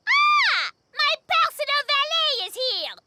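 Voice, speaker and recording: A woman's voice: very high voice, wildly swooping pitch, takes it slowly, very noisy, full character voice. An actress voicing a spoiled teenage girl who believes she is a queen, bossy and haughty, barking orders in a cartoon. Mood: imperious. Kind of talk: cartoon voice acting.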